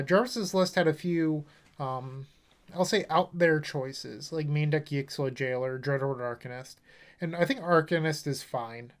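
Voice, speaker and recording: Relaxed conversational man, slightly high voice. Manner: relaxed, conversational, frequent fillers. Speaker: channel host. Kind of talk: casual deck walkthrough.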